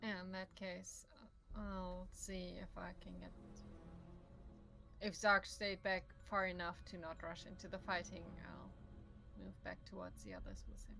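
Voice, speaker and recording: A woman's voice: lowish voice, a little slow, over music. Woman player planning her moves aloud. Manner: thoughtful, questioning, planning aloud. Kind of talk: playing a tabletop game.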